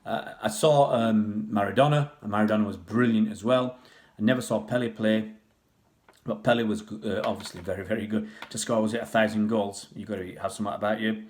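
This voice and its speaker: Chatty low-voiced man rambling to viewers. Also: steady tone, brisk, a little mellow. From Pakistan, raised in England. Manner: rambling, chatty, many restarts and fillers. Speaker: vlogger answering viewer questions. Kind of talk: casual livestream chat.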